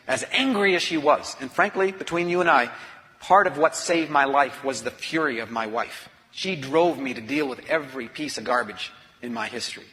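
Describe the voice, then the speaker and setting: A man, an author and speaker, telling a personal story in an earnest, confessional way that moves from hushed to intense. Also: mid-range voice, a little hiss or hum. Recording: long reverb of a large hall.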